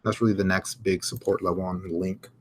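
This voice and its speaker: A man hosting a live crypto market stream, giving casual chart commentary, chatty and thinking out loud as he reads viewer comments. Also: low voice, little pitch movement, a little fast, breathy edge.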